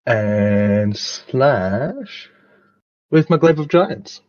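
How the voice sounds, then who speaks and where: A man's voice: medium pitch, big pitch swings, very slow, darkish tone, no room sound. A man casually playing a tabletop game in a playful, easygoing way. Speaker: player. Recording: dull, dry lo-fi mic.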